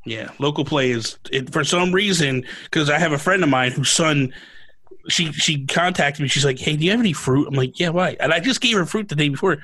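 A man talking as a podcast guest in casual chat, quick and emphatic with joking asides. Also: fairly high pitch, sharp tone, slightly rough, low-quality recording.

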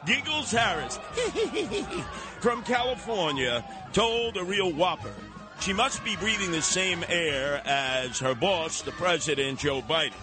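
An older man hosting a talk radio show, animated and sarcastic, slipping into voices to mock people. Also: on the high side, unhurried, over music. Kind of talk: opinionated talk radio monologue.

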